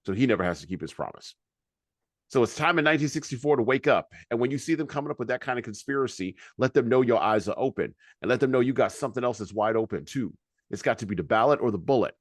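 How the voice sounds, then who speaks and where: Here the podcast co-host has an expressive mid-range voice and the audio carries no room sound. His own commentary is halting and full of fillers, but he reads the lengthy speech passages with more force.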